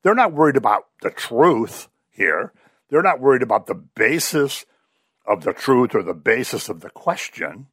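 Lively-pitched man preaching a sermon. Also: normal speed, slightly rough, dry recording, clean studio sound. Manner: animated storytelling, voices quoted figures.

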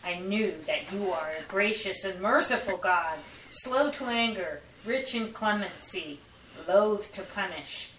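Slow, bright-voiced woman reading from afar. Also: medium pitch, a little hiss or hum. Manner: slow, careful, measured reading. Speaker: group member reading scripture aloud. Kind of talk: reading scripture aloud. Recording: roomy, distant room mic with faint ambience.

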